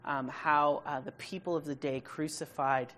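A woman preaching a sermon, reading scripture and then explaining it, stressing key words and dropping from loud emphasis to hushed tones. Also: low-pitched, steady tone, moderate pace, a little hiss or hum.

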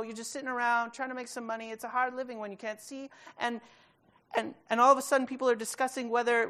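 A woman preaching a sermon, retelling a story in a casual, conversational way with quick asides to the listeners. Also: fairly high pitch, bright, forceful tone.

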